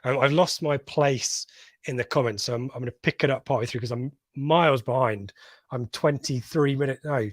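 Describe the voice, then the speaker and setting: A man's voice: mid-range voice, normal speed, no echo, clean studio sound. Chatty man reading viewer comments. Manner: chatty, reads out viewer comments, laughs often. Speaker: podcast co-host. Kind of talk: casual live reaction chat.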